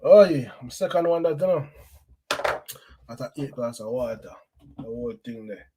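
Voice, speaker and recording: A man's voice: medium pitch, normal speed, long pauses, warm tone, breathy edge. Laid-back male football show host. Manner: laid-back, conversational, repeats phrases, sprinkles slang. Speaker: host of a football fan channel. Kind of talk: casual solo talk show.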